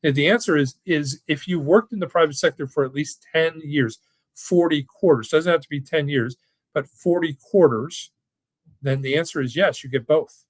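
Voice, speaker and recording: His voice sits on the high side and moves at a moderate pace, recorded without echo. As the owner of a financial firm, he leads a casual online workshop from home or the office, fielding live questions with folksy, rambling enthusiasm.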